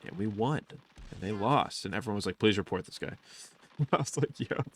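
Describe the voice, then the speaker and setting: A man's voice: fairly low pitch, brisk, a little hiss or hum. A man chatting casually and profanely while streaming a video game, rambling through stories and laughing often. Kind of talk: casual live-stream chat while playing.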